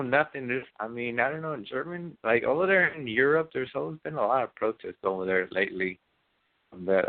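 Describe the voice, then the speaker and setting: A man's voice: fairly low pitch, no room sound. A man calling in to a talk show, mumbling in a laid-back way and trailing off. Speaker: caller. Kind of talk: casual phone call. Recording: far-off tinny phone call.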